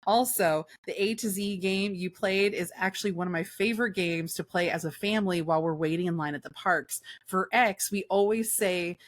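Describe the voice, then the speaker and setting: A woman's voice: lowish voice, moderate pace, few pauses, dry recording. A woman, co-hosting a casual podcast, chatty and rambling as she reads out fan messages. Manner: chatty, rambling, self-deprecating. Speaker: podcast co-host.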